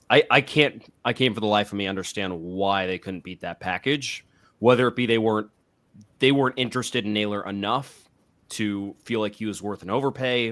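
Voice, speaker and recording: A podcast co-host talks casually about sports, thinking aloud and often repeating words as he starts sentences. His voice is lowish and a bit bright.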